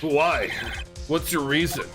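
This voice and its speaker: Guy joking through a lawyer game, reading the lines in goofy voices, game music loud behind. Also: fairly high pitch, takes it slowly. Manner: jokey, ad-libbing, switches into silly voices. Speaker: let's play host reading game dialogue. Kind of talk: playful voice-acting of game text. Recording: game music playing under the talk.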